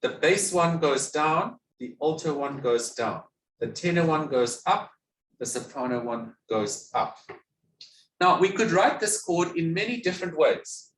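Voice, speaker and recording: A man's voice: a little high, animated, a little slow, a bit bright, a little hiss or hum. A man giving a music theory lecture, patiently asking questions and answering them himself. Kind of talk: classroom lecture. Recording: echoey room, mic at a distance.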